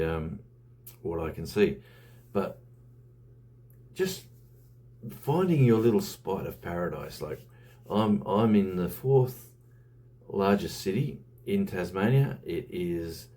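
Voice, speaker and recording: Australian male YouTuber, low pitch, relaxed rambling delivery. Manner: rambling, conversational, with frequent fillers. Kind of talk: casual vlog monologue.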